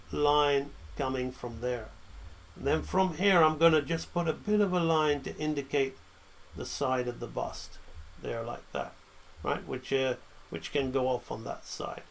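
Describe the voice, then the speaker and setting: A man's voice: a little high, steady tone, unhurried, vocal fry, pauses often. A man teaching animation drawing, talking through each stroke as he draws and often checking in with "right?". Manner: talks while drawing, frequent "right?" checks. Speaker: animation instructor. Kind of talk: drawing tutorial narration.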